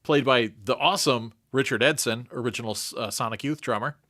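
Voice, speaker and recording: A man's voice: mid-range voice, a little fast, sharp tone, no room sound, studio quality. A man co-hosting a podcast, chatting eagerly about film trivia and soundtracks. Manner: enthusiastic, trivia-heavy film talk. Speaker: podcast co-host. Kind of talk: casual chat.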